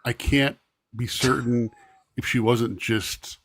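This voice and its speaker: A man co-hosting a talk show, speaking in a hesitant and halting way, unsure of himself. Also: medium pitch, steady tone, fairly bright tone, no room sound. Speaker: co-host. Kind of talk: casual chat.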